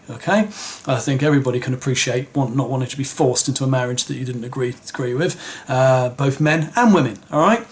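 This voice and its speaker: A man giving a conversational Bible commentary, often checking in with his listeners with "all right?" and "okay?". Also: fairly high pitch. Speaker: Bible teacher.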